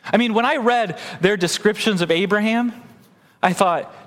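A man preaching a sermon as pastor of a church, animated and acting out the voices he quotes. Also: high voice, moderate pace, long reverb tail.

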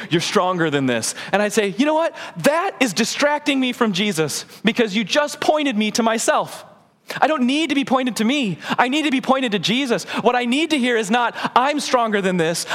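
A man preaching a sermon as pastor, earnest, moving between urgent emphasis and quiet, soft passages. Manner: earnest, swings between high urgent and low soft delivery. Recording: long hall reverb.

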